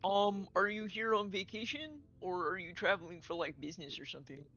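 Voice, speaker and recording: A woman's voice: medium pitch, a little fast, fairly bright tone, faint music behind. Woman player in character at a tabletop game, friendly and hesitant, slightly muffled lo-fi mic.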